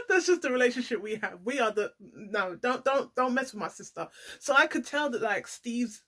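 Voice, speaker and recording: A woman giving a casual, animated vlog commentary, playing up the drama and talking straight to her viewers. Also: fairly high pitch, moderate pace, few pauses. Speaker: YouTuber reviewing a reality show.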